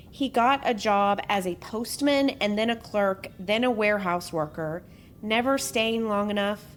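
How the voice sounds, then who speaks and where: A woman's voice: mid-range voice, slight background noise. A woman hosting a podcast, reading a true-crime story in a casual way and breaking off for joking asides. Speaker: podcast host.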